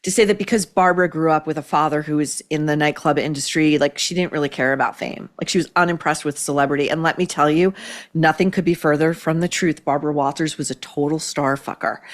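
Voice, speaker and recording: A woman's voice: sits low, a little fast. Blunt, sarcastic woman host. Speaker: podcast host. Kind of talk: opinionated commentary.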